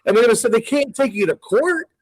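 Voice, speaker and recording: A man's voice: very high-pitched, animated, quick pace, a little mellow, rough recording. A man in casual chat, insistent, repeating his phrases as he explains.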